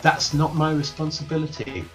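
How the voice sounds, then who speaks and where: A man teaching workplace English, explaining each phrase clearly and repeating the examples slowly. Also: a little high, faint music behind. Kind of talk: recorded English lesson.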